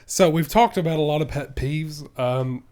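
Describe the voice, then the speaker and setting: A man's voice: on the high side, normal speed, a little mellow. A man hosting a casual chat, hesitant and full of fillers.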